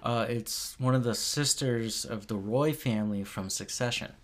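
A podcast co-host chatting casually, retelling plots in a relaxed, rambling way. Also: medium pitch, moderate pace. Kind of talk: casual chat.

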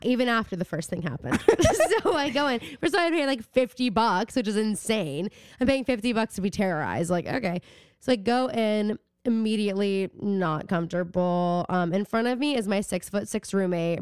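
A woman's voice: medium pitch, a little fast, smooth, no room sound, clean studio sound. A woman in her twenties, a podcast co-host in casual chat, telling a story with a lot of energy and cursing freely. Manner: animated storytelling, swears freely.

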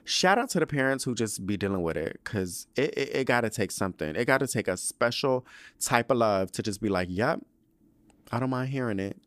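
A man's voice: mid-range voice, animated, fairly quick, fairly bright tone, dry recording. A young man hosting a podcast in a casual solo chat, rambling, profane and prone to tangents. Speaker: podcast host.

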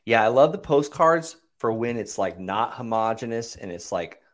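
Speaking at a moderate pace in a mid-range voice, this man is a land investor chatting on a casual podcast. He tells stories with animation, walking through figures and doing the voices of angry callers.

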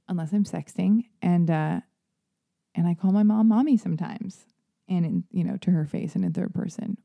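Rambling, mellow-voiced woman podcast host. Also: gravelly. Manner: rambling, self-deprecating storyteller; jumps into high, animated voices when quoting people. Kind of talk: casual solo podcast monologue.

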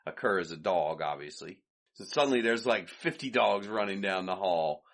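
A man's voice: sits low, expressive, normal speed, fairly bright tone. A man hosting a podcast, casually retelling an old comedy short, chatty and loose, and he chuckles often. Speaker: podcast host.

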